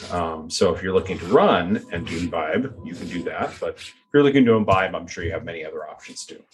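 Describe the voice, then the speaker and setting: A man co-hosting a casual talk show, wry and a little snarky, slipping in quick plugs for local events. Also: deep voice, animated, slight background noise. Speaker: podcast co-host. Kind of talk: casual chat.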